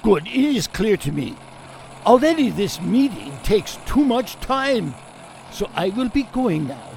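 A man's voice: high-pitched, a little mellow, slight background noise, exaggerated voice. A man playing a haughty, grudge-holding news writer, pompous and sarcastic. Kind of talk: audio drama acting.

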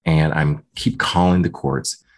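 A man being interviewed, telling a personal story in a lively way and quoting the people he spoke with. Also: extremely low pitch, measured pace. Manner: animated retelling, voicing others in quotes. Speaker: guest.

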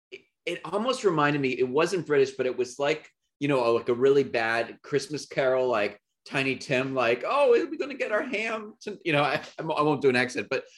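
A man co-hosting a casual film chat, hesitant and restarting his sentences. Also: mid-range voice. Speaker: podcast co-host.

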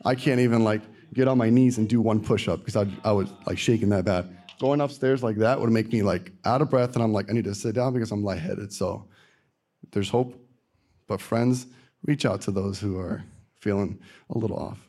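A man with a fairly low voice shares a personal testimony. His delivery is casual and earnest, full of fillers and loose restarts. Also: moderate pace, warm tone.

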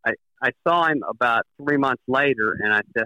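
A man's voice: medium pitch, a little fast, bright, forceful tone, no room sound, lo-fi sound. A man, a golfer, recalling a memory in a plainspoken, reflective way during a podcast interview. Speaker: guest golfer.

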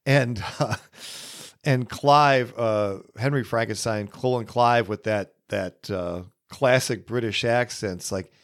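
A man hosting a podcast, giving casual solo film commentary in an unhurried, musing way with many pauses. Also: mid-range voice. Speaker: podcast host.

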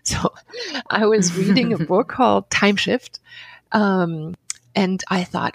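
A middle-aged woman, a guest on a podcast, telling a personal story in an animated way, laughing often and acting out her own inner dialogue. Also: mid-range voice, a little slow, vocal fry, husky, no room sound. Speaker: podcast guest, author and seminar leader.

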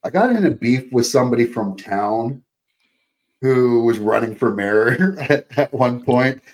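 A man's voice: mid-range voice, measured pace. A Canadian man, an actor appearing as a podcast guest, chatting casually and animatedly while swearing freely. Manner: animated storyteller, swears casually, puts on accents. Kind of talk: casual chat.

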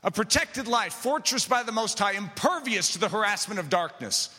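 A man preaching a sermon, impassioned and building to shouted lines. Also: sits high, lively intonation, moderate pace, slightly rough, soft background music. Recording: reverberant hall.

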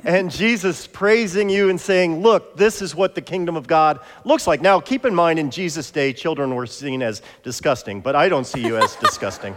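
A playful male pastor with a fairly high voice, bantering and coaxing helpers up front. His words ring out in a church with a long, lingering reverb. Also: normal speed, hardly any pauses, fairly bright tone. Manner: playful, jokey, coaxing volunteers. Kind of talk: interactive sermon. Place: church sanctuary.

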